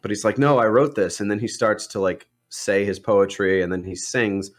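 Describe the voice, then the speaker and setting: Young man, deep voice, casual podcast chat, rambling plot recap, filler-heavy. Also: little pitch movement, moderate pace. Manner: rambling retelling with many likes and ums. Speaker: podcast co-host. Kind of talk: casual movie discussion.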